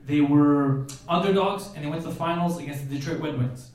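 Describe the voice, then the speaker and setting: High, fast-talking excitable man host. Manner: excitable, quick jokes. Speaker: podcast host. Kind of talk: live podcast questioning. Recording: echoey room, distant mic.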